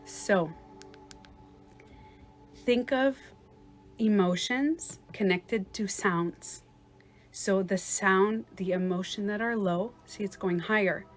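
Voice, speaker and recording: Casual woman coach chatting on a live stream, swears a bit, mid-pitched voice. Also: takes it slowly, pauses often, faint music behind. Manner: chatty, swears, acts out other people's voices. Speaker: life coach. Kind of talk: casual livestream talk.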